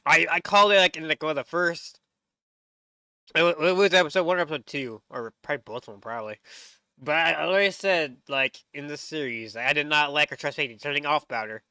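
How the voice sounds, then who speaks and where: A man's voice: a little high, fast talker, pushed and bright, smooth, no echo. A young man with a sore throat, chatting and rambling through gameplay commentary on a headset mic, swearing often. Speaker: streamer.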